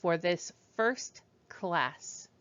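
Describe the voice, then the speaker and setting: A woman leads a beginner French lesson at a slow, unhurried pace. Her pitch rises and falls in a lively way as she models each sound and repeats it patiently. The audio is dull and a little lo-fi. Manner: slow, patient, demonstrative pronunciation drills. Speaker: French teacher.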